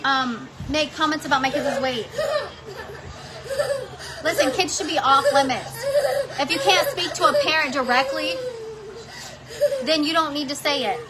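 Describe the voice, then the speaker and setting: A woman's voice: high-pitched, animated, measured pace, pauses often, a loud crowd, very noisy. A woman talking casually in her home kitchen while cooking with her child, blunt and heated, swearing freely. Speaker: parent vlogger.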